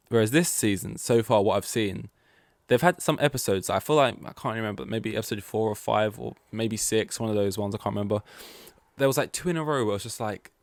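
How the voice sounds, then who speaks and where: A man's voice: fairly low pitch, no room sound. Rambling young man chatting solo. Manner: rambling, chatty, many fillers and restarts. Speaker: podcast host. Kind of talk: casual solo podcast chat.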